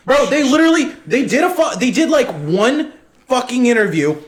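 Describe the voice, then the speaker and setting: A young man co-hosting a podcast, ranting in casual chat with lots of swearing and excitement. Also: very high voice, normal speed. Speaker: podcast co-host.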